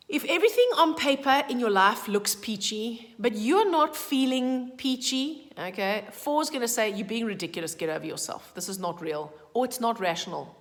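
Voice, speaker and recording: Chatty woman in a reverberant room. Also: mid-range voice. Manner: chatty, emphatic, animated with asides. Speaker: numerology vlogger. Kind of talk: casual daily forecast talk.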